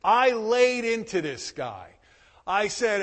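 A man preaching a sermon, telling a personal story with emphatic, animated delivery and loud bursts. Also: sits high, takes it slowly, in a large hall. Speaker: pastor.

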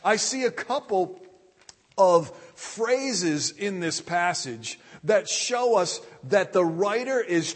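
A man with a high voice preaching a sermon, unhurried and measured as he works through scripture. His words ring out with a long reverb, as if recorded in a large hall. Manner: deliberate preaching, reading scripture aloud. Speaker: pastor.

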